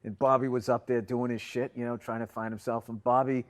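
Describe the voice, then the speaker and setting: A man's voice: medium pitch, little pitch movement, brisk. A middle-aged man, co-hosting a podcast and swearing his way through rambling anecdotes. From Boston. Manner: profane, rambling anecdotes, acts out other people's lines. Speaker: podcast co-host. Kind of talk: casual storytelling chat.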